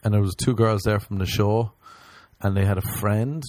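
A man hosting a podcast, telling crude stories in a casual, joking way and mimicking other people in higher voices. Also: fairly even intonation, normal speed, darkish tone, a little hiss or hum. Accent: non-local, remarked on by others. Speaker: podcast host. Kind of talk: casual storytelling chat.

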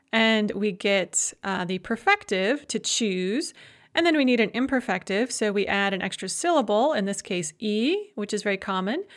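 A woman teaching a recorded grammar lesson, explaining patiently and methodically and slowing down to pronounce example words carefully. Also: a little high. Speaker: language teacher.

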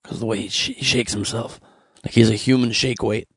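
A man's voice: medium pitch, fairly even intonation, brisk, creaky, slightly rough, dry recording, clean studio sound. A young man from Los Angeles hosting a comedy podcast, riffing sarcastically and slipping into mock voices. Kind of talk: comic monologue.

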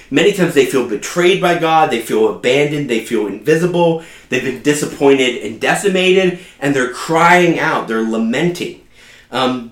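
Earnest male pastor in an echoey room. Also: medium pitch. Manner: earnest and conversational, with humorous asides and dramatic drops to quiet. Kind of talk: sermon.

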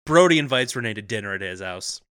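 A man co-hosting a comedy film podcast, playful and quick with jokes in casual chat. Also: on the low side, expressive, fairly bright tone, smooth, no echo, clean studio sound. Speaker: podcast co-host.

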